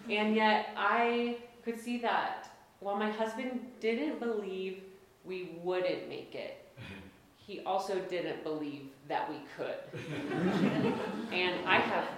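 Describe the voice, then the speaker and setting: A woman in her late thirties telling a personal story to an audience, conversational and self-deprecating, with quick asides. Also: medium pitch, a little hiss or hum. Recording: very echoey hall.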